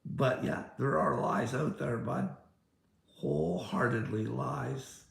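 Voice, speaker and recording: A man's voice: mid-range voice, slow, creaky, reverberant. A man ranting at a critic, combative, firing rhetorical questions, swearing and repeating "bud" and "you know what I mean". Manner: swears a lot. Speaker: video creator ranting at a critic. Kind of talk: confrontational rant.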